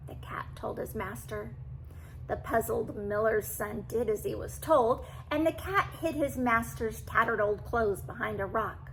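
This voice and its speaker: An older woman reading a classic storybook aloud to children, animated and stopping for asides to the listener. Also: a little high, measured pace, slight background noise, rough recording.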